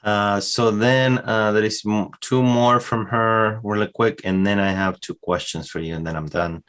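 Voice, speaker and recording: Guy w argentine spanish accent, really low voice, stumbles and repeats himself, casual podcast chat. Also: fairly even intonation, fairly bright tone, smooth. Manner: halting, repeats words while searching. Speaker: podcast co-host.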